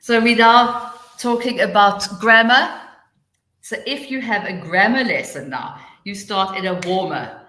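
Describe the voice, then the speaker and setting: A woman teacher trainer running a live webinar, chatty and quick, with laughing asides as she works through her slides. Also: medium pitch, sharp tone, roomy sound. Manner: chatty, rushing then slowing down, laughing asides. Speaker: TEFL trainer hosting a webinar.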